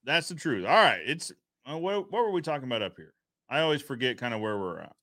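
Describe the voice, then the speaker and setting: A man's voice: mid-range voice, big pitch swings, fast, sharp tone, no room sound, studio quality. A man hosting a podcast in casual live-stream chat, upbeat, greeting viewers and reading their comments aloud. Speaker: podcast host.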